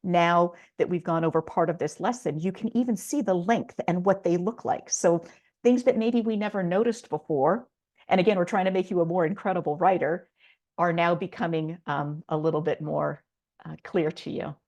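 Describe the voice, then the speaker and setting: A woman's voice: lowish voice, moderate pace, a little mellow. A middle-aged woman teaching a writing lesson online, explaining step by step in a patient way with a few fillers. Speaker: writing instructor.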